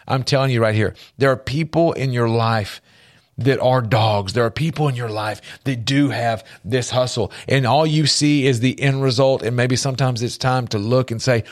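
A man hosting a faith-based motivational radio talk from a studio, earnest and emphatic, repeating key phrases for effect. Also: medium pitch. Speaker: radio host. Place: radio studio with a large window.

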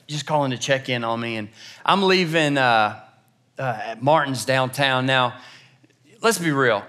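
Young male pastor; high, bright, casual sermon storytelling that swings from hushed to loud. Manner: conversational, self-deprecating storytelling with playful asides. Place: church.

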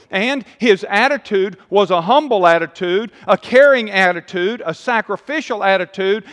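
A man's voice: sits high, a bit bright, in a large hall. A man preaching a sermon with emphatic, rising and falling delivery and repeated phrases.

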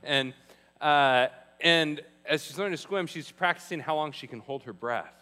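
A male pastor preaching a sermon in a conversational, emphatic way, slowing down on key phrases. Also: a little high, sharp tone, long reverb tail. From Arizona, US.

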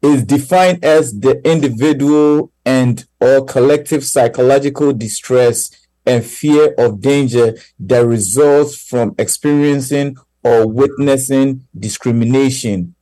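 A man co-hosts a radio talk show. His voice is mellow and relaxed, heard dry with no room around it. He speaks in a halting way, pausing on fillers as he works through his thoughts. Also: mid-range voice, no echo, poor audio. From Ghana. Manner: halting, full of "you know" fillers. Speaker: radio co-host.

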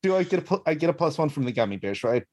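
A man's voice: on the high side, very animated, very fast, darkish tone. A man playing in a tabletop role-playing game, laid-back and slangy, swearing casually. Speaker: player.

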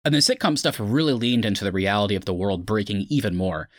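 A man's voice: fairly low pitch, fast, no echo. Man hosting a casual podcast, dry sound. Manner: recaps plot then chats loosely with friends. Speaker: podcast host.

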